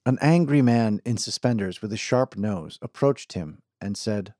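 Reading a scripted audiobook, a man narrates with a calm, steady storytelling delivery. His voice is fairly low, and the studio-quality recording has no echo.

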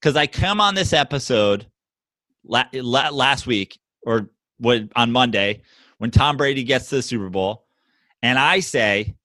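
A man co-hosting a sports podcast, arguing loudly and mockingly, swearing and mimicking others in shouted voices. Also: mid-range voice, expressive, measured pace, no room sound. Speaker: podcast co-host. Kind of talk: heated sports debate.

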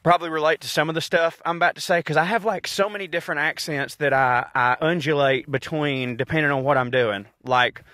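A man's voice: a little high, brisk, hardly any pauses, pushed and bright, no room sound. A man with a Southern US accent, a comedian and podcast host, ranting alone in a casual, rambling, profane and self-mocking way. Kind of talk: casual solo rant.

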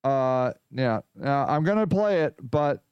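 A man hosting a casual podcast, rambling and excitable, talking in bursts into a close mic. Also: mid-range voice, measured pace, clean tone, no room sound, lo-fi sound. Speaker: podcast host.

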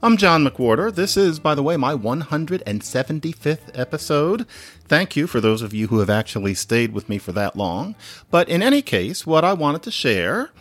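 A man's voice: a little high, very animated, moderate pace, faint music behind. A man hosting a solo podcast, talking in a chatty, digressive way and laughing now and then. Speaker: podcast host.

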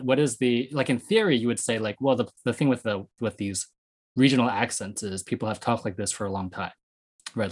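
Husky low-voiced man hosting casually. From US West Coast. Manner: rambling, many fillers and restarts. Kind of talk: casual discussion.

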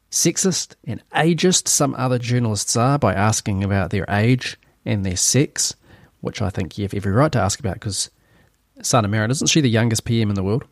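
A man's voice: on the low side, dry recording, clean studio sound. A man hosting a solo opinion podcast, talking in a sarcastic, rambling way. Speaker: podcast host.

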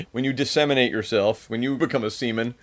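A man's voice: medium pitch, a little fast. A man co-hosting a comedy podcast, playfully quizzing his partner on odd phrases and laughing often. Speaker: podcast co-host. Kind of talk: casual comedic chat.

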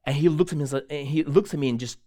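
A man preaching a sermon as a pastor, telling a story in an animated way and often correcting himself mid-sentence. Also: on the high side, very fast. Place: church.

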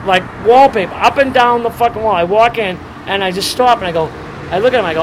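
A middle-aged man from the Boston area with a fairly high voice, rambling through crude, swaggering punk-rock stories. He talks outdoors in front of a bar, and passing cars and loud street traffic fill the background. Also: fast. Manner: profane, rambling, swaggering storyteller. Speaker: punk singer being interviewed. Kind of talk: casual street interview, storytelling. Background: passing cars and city traffic.

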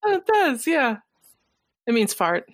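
A woman's voice: fairly high pitch, sing-song, takes it slowly, over loud music. A woman in her thirties, co-hosting a podcast in casual chat, teasing and laughing often. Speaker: podcast co-host.

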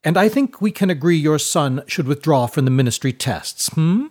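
A man's voice: fairly high pitch, lively intonation, normal speed, a little mellow, pitched above the performer's own voice. A man doing a haughty, scornful portly lord. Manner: haughty, curt, commanding.

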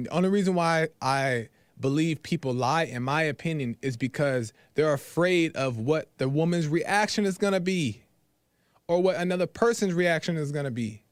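A man's voice: on the high side, dry recording, clean studio sound. A man hosting a call-in talk show, sharing his opinions earnestly and repeating his points for emphasis.

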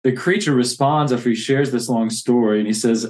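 A man's voice: mid-range voice, a little fast, a little mellow. A man who plants churches reads from a classic novel and reflects earnestly on faith. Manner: earnest, reflective, with many restarts.

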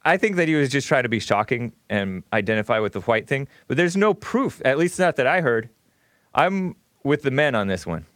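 A man in the middle of an unscripted stream monologue, wandering from thought to thought with fillers, false starts and little laughs. His voice sits at an ordinary pitch. The mic is close, with no room sound around it. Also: expressive, moderate pace, fairly bright tone, dry recording. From California. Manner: rambling, laughs often, many fillers and restarts. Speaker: host. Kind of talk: casual livestream monologue.

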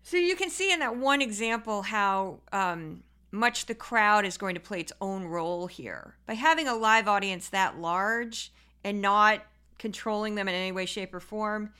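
A woman's voice: mid-range voice, moderate pace, pushed and bright, smooth. A woman hosting a podcast, giving casual, sarcastic political commentary full of fillers. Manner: opinionated, sarcastic, with frequent fillers. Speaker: podcast host.

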